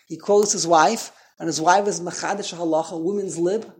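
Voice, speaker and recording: A man's voice: high voice, fairly even intonation, moderate pace, darkish tone. A man teaching an informal Torah class, conversational, quizzing his listeners and correcting himself as he goes.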